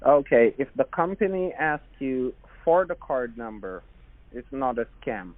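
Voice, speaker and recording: A man with a Jamaican accent making a pushy phone pitch, repeatedly calling the listener madam and sweetheart. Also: lively intonation, measured pace, a little hiss or hum. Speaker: phone scammer. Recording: dry tinny phone line.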